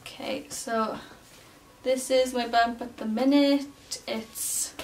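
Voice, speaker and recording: Her voice sits on the high side, steady and darkish, and she speaks extremely slowly. A young woman vlogging from a small, cluttered room at home, she chats casually to the camera with lots of fillers, retelling others' words. The sound is slightly distant with faint room noise.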